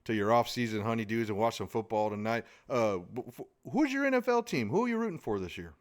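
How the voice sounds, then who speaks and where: A man's voice: mid-range voice, very animated, fast. Male podcast host, drawl, folksy, joking, casual interview chat. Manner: joking, folksy, lots of restarts.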